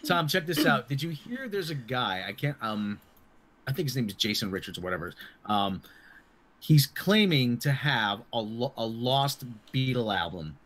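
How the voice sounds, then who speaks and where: A man's voice: medium pitch, big pitch swings, moderate pace, fairly bright tone. A man co-hosting a casual live-stream chat, rambling through a story with frequent restarts. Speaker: co-host.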